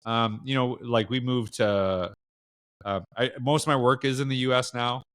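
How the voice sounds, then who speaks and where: A middle-aged man with a Canadian accent chats as a podcast guest. His pitch sits in an ordinary middle range. He rambles loosely, full of fillers and self-corrections. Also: normal speed, fairly bright tone, clear, resonant tone. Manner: rambling, lots of fillers and restarts, acts out quoted dialogue. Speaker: podcast guest, education speaker. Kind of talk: casual interview chat.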